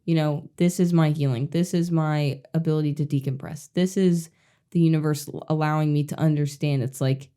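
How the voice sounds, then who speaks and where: Low, mellow-voiced woman podcast co-host. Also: steady tone, a little fast, clear, resonant tone. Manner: earnest, reflective, swears freely. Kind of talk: casual chat.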